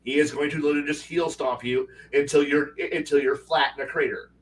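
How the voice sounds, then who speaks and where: A man's voice: a little high, fairly even intonation, a little fast, distant mic, a little hiss or hum. A man, a game master and co-host, telling a tabletop game story in casual, rambling chat with lots of fillers and restarts. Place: home livestream setup.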